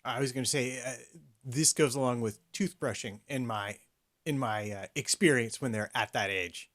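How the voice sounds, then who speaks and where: Measured man in casual chat. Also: mid-range voice, a bit bright.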